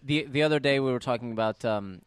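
Podcast co-host, man, smooth mid-pitched voice, laid back. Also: quick pace. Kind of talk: casual chat.

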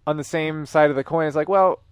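A man's voice: on the high side, fairly even intonation, brisk, smooth, dry recording, dull audio. A man co-hosting a casual movie commentary, explaining his reasoning step by step. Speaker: podcast co-host.

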